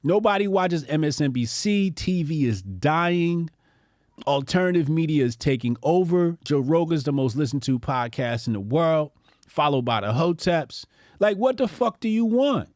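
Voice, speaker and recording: This is a man, hosting a political commentary show. His voice sits a little high and swings widely, dropping into low mutters and then jumping up into mocking outbursts. The talk is profane and sneering, and the recording is close and dry. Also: lively intonation, normal speed, darkish tone, dry recording. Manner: profane, mocking impressions of opponents.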